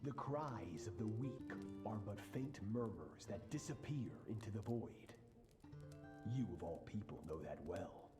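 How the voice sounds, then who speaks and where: A ruthless warrior master in a game, cold and commanding. He talks slowly with a lively rise and fall in pitch, and a clear music bed runs under the game audio. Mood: cold stern.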